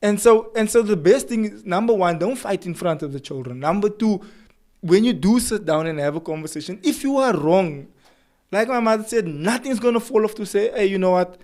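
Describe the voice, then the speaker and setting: A man chats about married life, switching into playful voices as he acts out arguments. His voice is notably high for a man. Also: brisk. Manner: animated storyteller, acts out quarrels. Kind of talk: casual chat.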